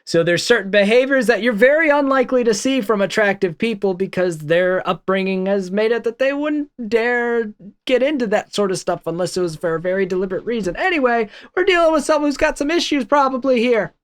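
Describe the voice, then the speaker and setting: A man's voice: high voice, animated, fairly quick, clean tone. A man commenting on a clip in a casual, chatty way and asking viewers to subscribe. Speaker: reaction video host. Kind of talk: reaction commentary.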